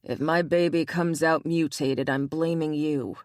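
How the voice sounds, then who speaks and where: A woman's voice: deep voice, steady tone, measured pace, a little mellow, dry recording, studio quality. A woman voicing a big, protective male bear shifter in an audiobook, grumbling and dramatic.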